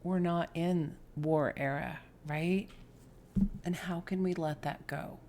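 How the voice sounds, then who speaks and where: A woman giving a spiritual tarot reading, telling a personal story in an earnest, heartfelt way and sometimes dropping to a soft whisper. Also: fairly low pitch, fairly even intonation, slow, slight background noise. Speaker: tarot reader.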